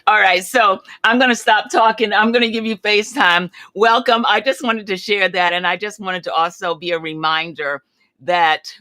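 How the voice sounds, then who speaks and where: A woman's voice: mid-range voice, moderate pace, dry recording. A woman in her seventies hosting a casual livestream chat, telling a story candidly and quoting others with animation. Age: 70s. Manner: chatty, candid, retells conversations with animated quoting. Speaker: livestream host.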